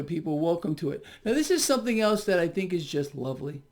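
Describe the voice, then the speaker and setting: A man's voice: sits high, expressive, fast, a little mellow. A man giving solo financial commentary in a mocking, sarcastic tone, often breaking into exclamations.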